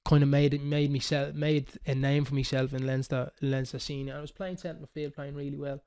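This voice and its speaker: A man in his thirties with a Dublin Irish accent, telling a football story in casual chat on a podcast, animated and swearing freely. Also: medium pitch, fairly quick, clear, resonant tone. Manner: animated, swearing, quoting others. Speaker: podcast host.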